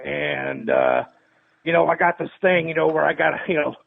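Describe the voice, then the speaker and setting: A male caller on a tinny, phone-like line, with a high, heavily gravelly and husky voice. He rambles with lots of fillers and then switches to shouted accusations. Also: steady tone, normal speed. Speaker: prank caller. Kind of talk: call-in phone conversation.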